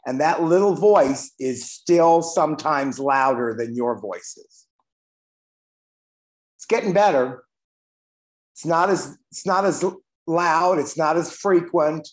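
A man's voice: a little high, slow pace, long pauses. A man in his sixties, reading aloud and then sharing candidly, with some profanity, about his own recovery. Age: 60s. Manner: candid, profane, self-deprecating. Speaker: recovery meeting member sharing.

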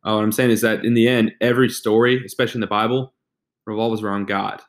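A man's voice: on the low side, flat delivery, fast. A young man co-hosting a faith podcast, talking casually with many restarts and fillers. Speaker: podcast co-host.

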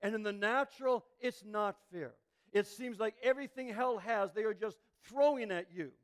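A male pastor preaching a sermon with passion, building to emphatic peaks and dropping to a near hush. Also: high voice, moderate pace.

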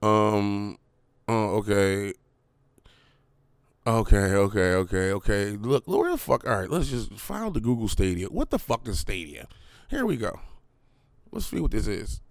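A young man rants casually as he hosts his podcast, tossing out profanity between fillers and false starts. His voice sits low, and the sound is close and dry, with no room in it. He loses his thread and picks it up again, then reads an article aloud in the same loose tone. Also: very animated, measured pace, pauses often, dry recording. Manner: profane, rambling, full of fillers and restarts. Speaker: podcast host.

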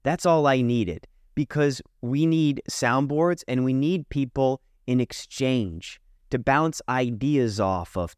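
A man hosting a spoken self-help podcast, talking casually and reflectively, acting out inner doubts with sudden jumps in pitch. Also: slow, few pauses, smooth, no echo, clean studio sound. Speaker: anxiety coach and podcast host.

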